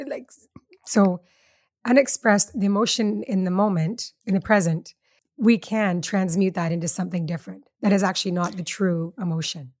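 A woman hosts a conversational podcast with a mid-range voice, recorded dry and close. She keeps affirming her guest and thinking out loud, restating ideas to check she has them right. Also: mid-range voice, steady tone, normal speed, dry recording. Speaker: podcast host. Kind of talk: casual interview chat.

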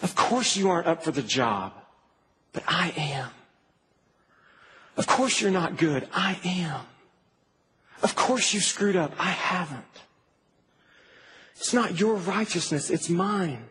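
A man voicing a divine figure who answers a doubter calmly and firmly. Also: high-pitched, slow pace, long pauses, a little hiss or hum, heavily acted. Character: calm, steady divine voice speaking to a doubter.

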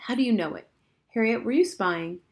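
A woman reading aloud and voicing a gentle, somewhat hesitant mother in a storybook. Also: fairly high pitch, expressive, fairly quick, creaky, voice pushed up. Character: gentle, awkward middle-aged mother.

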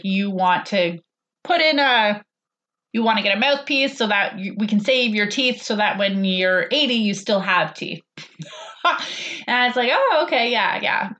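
A woman's voice: medium pitch, a bit bright, highs cut off. A woman hosting a podcast, casually telling a personal story and quoting others in a chatty, conversational way. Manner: chatty, quotes others in conversation, frequent "like" and "he's like". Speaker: podcast host.

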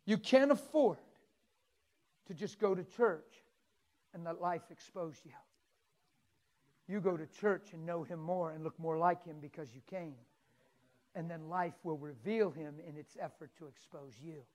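A male preacher telling a story in a sermon, swinging from soft coaxing to loud exclaiming. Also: on the high side, measured pace, long pauses.

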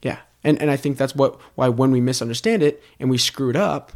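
A man's voice: medium pitch, fairly quick, darkish tone. A young man co-hosting a casual faith podcast, talking with enthusiasm and building on his partner's ideas. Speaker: podcast co-host.

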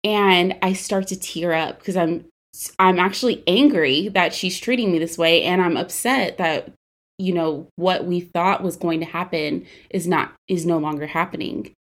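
A woman's voice: lowish voice, a little slow. A woman in her twenties hosting a podcast, recounting a painful personal story candidly and emotionally, with many casual fillers. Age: 20s. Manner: candid, emotional, frequent "like" and "you know" fillers. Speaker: podcast host.

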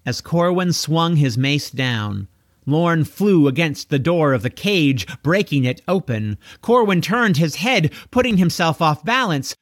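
Man reading an audiobook, very lively pitch. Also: no echo, studio quality. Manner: expressive, animated storytelling. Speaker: audiobook narrator.

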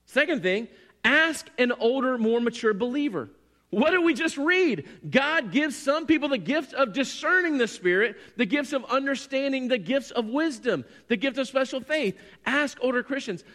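A male pastor preaching a sermon in an animated, self-deprecating way, often acting out stories. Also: extremely high pitch, normal speed, long reverb tail.

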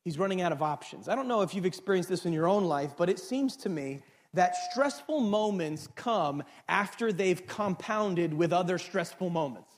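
A man's voice: high-pitched, animated, normal speed. A man preaching a sermon, retelling a story in a casual, joking way and talking straight to the congregation. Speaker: pastor.

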